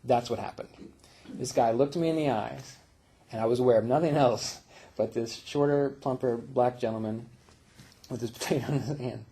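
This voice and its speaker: A man teaching meditation tells personal stories in a loose, reflective way. He leans on fillers and soft laughs. His voice is mellow, slightly husky, and sits at a middle pitch. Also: normal speed. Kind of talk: casual spiritual talk.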